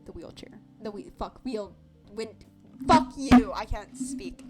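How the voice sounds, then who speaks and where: A woman's voice: on the high side, expressive, slow pace, over loud music. A young woman streamer giving playful, casual commentary, swearing and tripping over her words.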